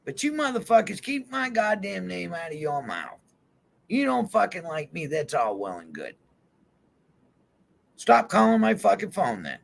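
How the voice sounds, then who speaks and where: A man's voice: sits high, huge pitch swings, unhurried, gravelly. A man on a vlog in a heated, swear-filled rant, calling people out directly. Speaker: YouTube vlogger. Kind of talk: angry profane rant to camera. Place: van.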